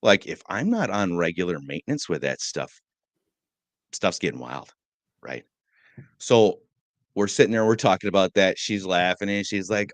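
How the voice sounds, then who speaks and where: Deep-voiced joking man on a morning show. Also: animated, normal speed, long pauses, no room sound. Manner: rambling, joking storyteller. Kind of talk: casual chat.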